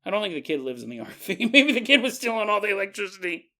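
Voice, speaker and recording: Male podcast host, casual storyteller, bright and a little high, fond of wry tangents. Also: sing-song, quick pace. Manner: joking asides, chuckling tangents.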